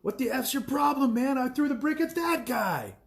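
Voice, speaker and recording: A man voicing an indignant male protester in a high, whining tone. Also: animated, normal speed. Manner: high-pitched, whining complaint. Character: indignant young man protester, whiny and outraged.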